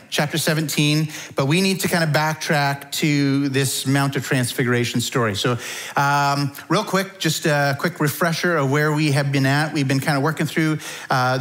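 A middle-aged man preaching a sermon to his church in a relaxed, conversational way, with frequent fillers. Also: a little high, poor audio. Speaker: pastor.

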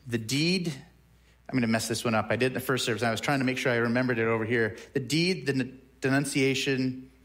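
A man preaching a sermon at a middle pitch. He talks in a conversational way, repeating words as he thinks aloud and shifting his pace between quick and slow. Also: fairly bright tone. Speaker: pastor.

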